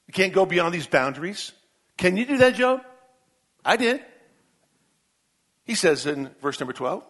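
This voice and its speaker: A male pastor preaching a sermon, reading scripture aloud and addressing Job directly, swinging from booming to hushed.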